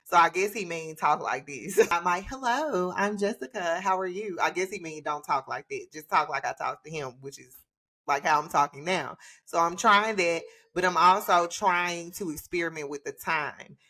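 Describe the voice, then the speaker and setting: A woman hosting her own livestream from home, talking in a relaxed, chatty way and laughing often. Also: low voice, normal speed. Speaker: livestream host. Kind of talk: casual livestream chat. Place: home with children.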